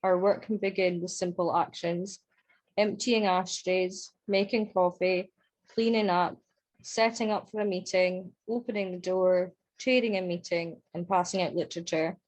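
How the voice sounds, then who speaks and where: Woman, reading aloud, steady and measured, mid pitch, dry close sound. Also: no room sound, low-quality recording.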